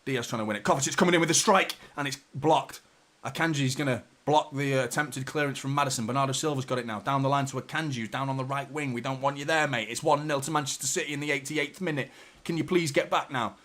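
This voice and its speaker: A young man hosting a live football watchalong, swearing often and swinging between anxious muttering and shouted celebration. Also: medium pitch, fairly even intonation, fast. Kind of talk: live match reaction commentary.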